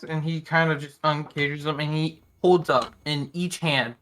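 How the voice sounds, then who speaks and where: Bright sounding gm narrating a tabletop game, kinda hesitant, lots of ums. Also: mid-range voice, fairly even intonation, unhurried, hardly any pauses. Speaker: game master.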